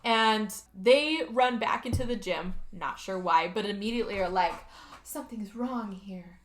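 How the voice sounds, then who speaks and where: This woman's voice is medium in pitch at a moderate pace, with a faint hiss or hum in the audio. Co-hosting a podcast, she chats casually while retelling a movie with animation and performing the characters' dialogue.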